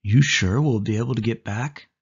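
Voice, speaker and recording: A man's voice: lowish voice, moderate pace, husky. A man voicing a cautious young boy who protests anxiously in a storybook reading. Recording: dull lo-fi audio.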